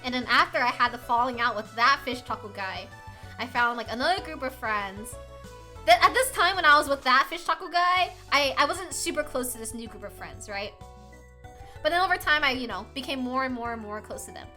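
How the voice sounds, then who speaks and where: A young adult woman streamer telling a story to her chat in a casual, animated way, laughing often and swearing freely. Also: high voice, fairly quick, faint music behind. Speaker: livestreamer.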